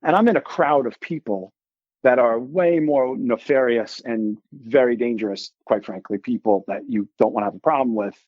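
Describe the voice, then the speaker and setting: A man's voice: medium pitch, normal speed, dry recording. Rambling man in his forties telling stories. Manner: animated, rambling, with many filler likes and restarts. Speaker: guest musician. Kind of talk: casual storytelling. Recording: slightly dull, dry recording.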